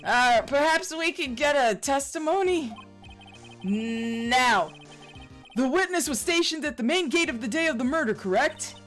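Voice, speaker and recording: A woman voicing a stiff, formal young male prosecutor in a video game, speaking in measured courtroom phrases. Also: sits high, animated, fairly bright tone, soft background music. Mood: composed.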